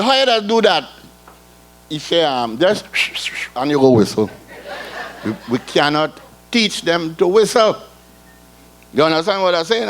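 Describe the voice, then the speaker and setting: A man's voice: fairly high pitch, a bit bright. An older man with a Trinidadian accent, telling rambling, folksy stories in island dialect as a calypso comedian on a ballroom stage. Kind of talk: live stand-up storytelling. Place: ballroom stage before a live audience.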